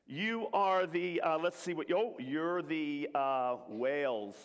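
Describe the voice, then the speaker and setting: Joking preacher in an echoing church hall. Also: male voice, fairly high pitch, slow. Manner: jokey, leads the crowd in call-and-response. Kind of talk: playful interactive sermon. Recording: long reverb of a large hall.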